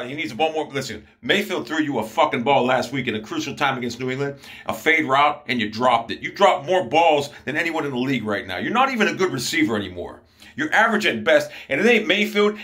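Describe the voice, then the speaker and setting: A man's voice: medium pitch, lively intonation, fairly quick, bright, forceful tone. A man from Ohio ranting angrily and profanely about his football team. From Ohio, USA. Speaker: sports commentator. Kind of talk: angry fan rant.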